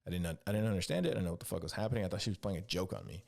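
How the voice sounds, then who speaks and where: Deep, creaky, and rapid-fire, the man's voice carries a rambling, profane podcast monologue about his Army service. He's a California-born veteran and host, and he acts out what the other people said with animated quoted lines in this casual solo storytelling.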